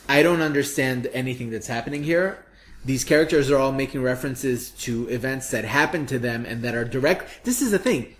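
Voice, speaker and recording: Animated, sarcastic man reviewing comics. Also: medium pitch. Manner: exasperated, sarcastic, jumps into mock voices. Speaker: comics review podcast co-host. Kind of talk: casual chat.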